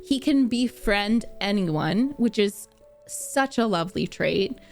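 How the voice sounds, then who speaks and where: A young woman streamer chatting casually with live viewers, gushing, animated and laughing often as she answers their comments. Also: mid-range voice, takes it slowly, faint music behind. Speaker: streamer reacting to a book series.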